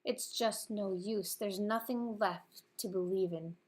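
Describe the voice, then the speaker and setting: A woman voicing a gentle, kind young woman in a storybook reading, speaking softly. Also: mid-range voice, takes it slowly, lightly acted.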